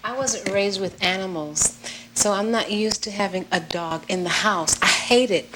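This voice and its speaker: A woman's voice: mid-range voice, normal speed, fairly bright tone, low-quality recording. A woman in a seminar audience, indignant and exasperated, laughing at her own complaint. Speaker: audience member.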